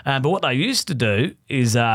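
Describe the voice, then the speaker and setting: Brief: forties Aussie bloke, comedian guest, animated yarn-spinner, dry close sound. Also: male voice, mid-range voice, moderate pace, dry recording. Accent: Australian. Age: 40s. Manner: animated, swearing storyteller who laughs often. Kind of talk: casual storytelling chat.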